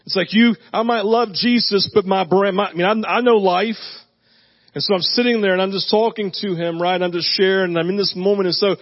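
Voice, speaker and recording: A man's voice: high-pitched, fairly quick, dull audio. A male pastor giving a conversational sermon, telling a personal story with lots of asides and "right?". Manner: animated storytelling, asks "right?" often, self-deprecating asides. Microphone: handheld mic.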